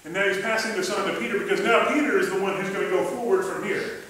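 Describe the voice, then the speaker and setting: A man's voice: sits high, quick pace, fairly bright tone, slight background noise. A male pastor preaching a sermon in a conversational way, retelling scripture as a story in plain everyday words. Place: church sanctuary. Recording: echoey church hall from a distant mic.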